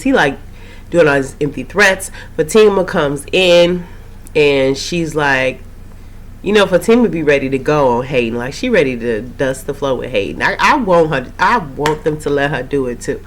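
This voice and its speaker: A woman recapping a TV episode in a casual, rambling way, her voice slightly hoarse after a cold. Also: low-pitched, expressive, moderate pace, slight background noise. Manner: chatty, rambling, with frequent fillers and asides. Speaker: TV recap host.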